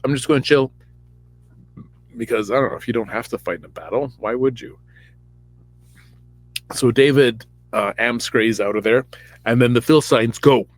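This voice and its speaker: A podcast host retelling a story in a casual, crude, rambling comic manner. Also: male voice, mid-range voice, normal speed, long pauses. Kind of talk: comedic storytelling.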